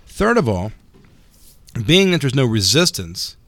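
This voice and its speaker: A man who teaches jiu-jitsu, talking in a casual podcast chat and telling stories in an animated way, often repeating words as he goes. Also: medium pitch, measured pace, no echo.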